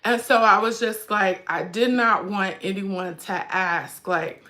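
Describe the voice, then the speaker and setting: Bright-voiced middle-aged woman fighting tears. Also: medium pitch, fairly even intonation, slow. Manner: fighting back tears, chatty and direct with viewers. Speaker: livestream host and mother. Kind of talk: emotional casual livestream chat.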